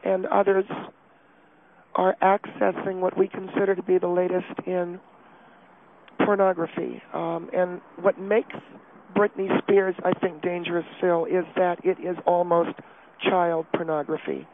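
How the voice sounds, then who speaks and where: A man's voice: high voice, flat delivery, slight background noise, voice pushed up. A man playing a distraught, prim housewife on a tinny phone line. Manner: halting, breathless, self-pitying confession. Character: distraught, prim middle-aged wife calling in. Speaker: caller.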